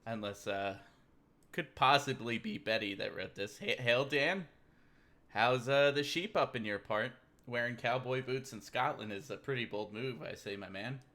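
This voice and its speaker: A man hosting a loose, rambling livestream, cracking jokes as he goes through memes with a beer in hand. His voice is bright and sharp, with a chatty and offhand delivery. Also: medium pitch, moderate pace. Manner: rambling, joking, drinking beer. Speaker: livestream host. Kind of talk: casual livestream meme commentary.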